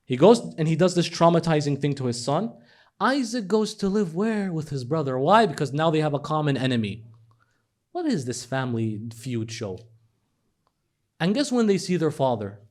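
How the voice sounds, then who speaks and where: A man preaching a lively sermon, retelling stories with acted dialogue and swinging from hushed lows to animated highs. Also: moderate pace. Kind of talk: religious sermon.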